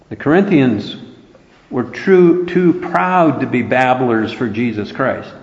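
A man delivers an earnest, emphatic sermon at a slow, deliberate pace. His voice rings through a roomy hall with a long reverb tail. The recording itself sounds dull and lo-fi. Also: medium pitch. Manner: earnest, emphatic preaching with scripture quotes. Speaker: preacher.

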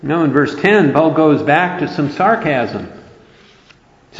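Slow, earnest preacher in an echoey hall. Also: male voice, on the high side, sing-song. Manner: earnest, emphatic preaching with scripture quotes. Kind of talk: sermon. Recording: roomy, dull lo-fi hall recording.

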